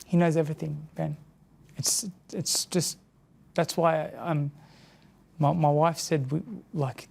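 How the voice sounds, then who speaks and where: A man from Australia in his thirties, a former boxer speaking as an interview guest, talking softly and haltingly, often repeating words. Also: a little high, flat delivery, gravelly. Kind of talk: emotional sit-down interview.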